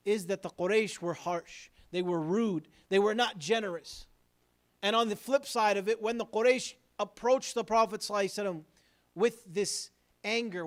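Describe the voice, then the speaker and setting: A man, an imam, delivering a sermon in an earnest way, building emphasis and then dropping to quiet asides. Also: high voice.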